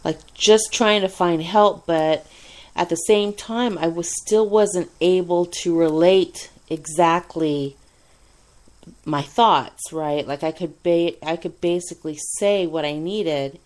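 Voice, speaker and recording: A woman telling a personal hospital story in a casual, animated way, swearing often and laughing between lines. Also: on the low side, slow. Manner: animated, profane, frequent laughs and fillers. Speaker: radio show host telling a personal story.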